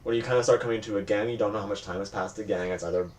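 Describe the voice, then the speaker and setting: Very deep-voiced man narrating a game. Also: rapid-fire. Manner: relaxed, rambling storytelling. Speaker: game master. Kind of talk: narrating a tabletop horror game. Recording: distant mic with faint hiss.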